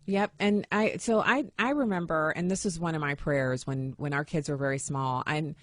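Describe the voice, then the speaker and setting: A middle-aged woman hosting a talk radio show, telling a personal story with lively acted-out quotes. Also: deep voice, moderate pace, no room sound, studio quality. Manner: animated, acts out quoted voices.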